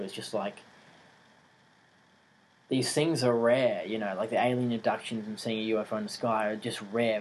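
A man talking in a casual, rambling monologue, hesitant and full of fillers, animated and incredulous as he tells stories. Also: lowish voice, a little hiss or hum, low-quality recording.

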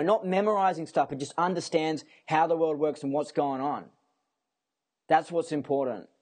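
A man's voice: on the high side, darkish tone. A young man in a casual rant to camera, rambling and emphatic, swearing freely and restarting his sentences as he goes. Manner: repeats himself and restarts sentences.

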